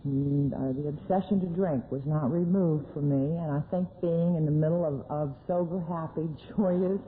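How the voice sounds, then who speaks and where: A woman's voice: lowish voice, a little hiss or hum. A middle-aged woman speaking at a recovery meeting, telling her own story with candid, self-mocking humor. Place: meeting hall. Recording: tinny lo-fi 1982 tape recording.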